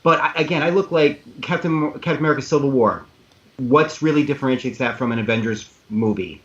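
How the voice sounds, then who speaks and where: A man on a video-call panel who rambles and argues his opinions in a casual way. His voice sits at an ordinary middle pitch. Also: fairly quick, a bit bright, dull audio, slight background noise. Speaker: panel guest.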